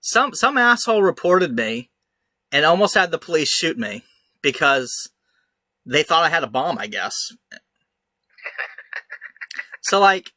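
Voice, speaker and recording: A young man co-hosting a podcast, telling an animated story in casual chat and acting out the shouted lines. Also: a little high, a little slow, pauses often, no room sound. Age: young adult. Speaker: podcast host.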